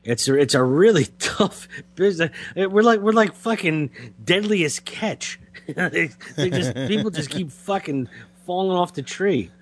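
A man with a somewhat high voice cracks crude jokes on a casual podcast. He swears a lot and often laughs through his own lines. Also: animated, measured pace. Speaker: podcast co-host, comedian.

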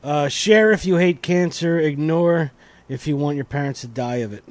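A man's voice: a little high, normal speed, dry recording. A man, co-hosting a podcast in easygoing casual chat and laughing along. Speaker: podcast co-host.

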